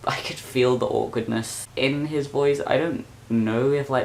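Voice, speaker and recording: A man's voice: mid-range voice, measured pace, gravelly, few pauses. A young man, talking straight to camera in an exasperated, sweary rant for his vlog. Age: young adult. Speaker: vlogger.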